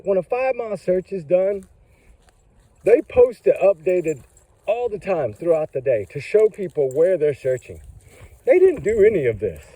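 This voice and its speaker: A man's voice: a little high, mellow, no echo, recorded from a distance, poor audio. A man in a casual commentary vlog, rambling and impassioned, firing off question after question. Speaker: vlogger.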